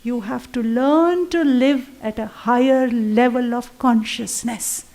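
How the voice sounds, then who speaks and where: A woman giving an earnest, reverent public lecture. She slows down to recite verse. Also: on the high side, a little mellow. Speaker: guest speaker. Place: lecture at a public affairs institute.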